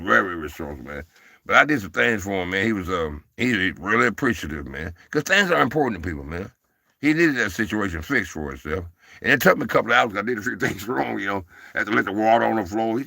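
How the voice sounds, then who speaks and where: A man's voice: medium pitch, vocal fry, bright, forceful tone, dry recording, studio quality. A man hosting a casual livestream, rambling in a folksy way and calling listeners "baby" and "man". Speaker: livestream host.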